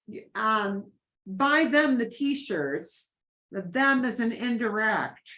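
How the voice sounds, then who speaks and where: Female Spanish teacher, higher voice, slow and patient, repeats drills for the class. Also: lively intonation, bright, forceful tone. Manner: patient, repeats phrases for students to echo. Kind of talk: beginner language class.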